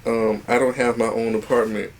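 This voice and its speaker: A man's voice: mid-range voice, flat delivery, moderate pace, noisy background. Playful young man retelling songs. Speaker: podcast co-host. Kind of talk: casual chat.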